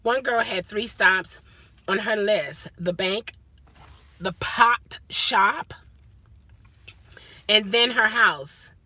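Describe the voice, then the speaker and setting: A middle-aged woman rideshare driver ranting casually in a vlog, animated and mimicking her passengers. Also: medium pitch, drawn-out words, pauses often, husky, no echo.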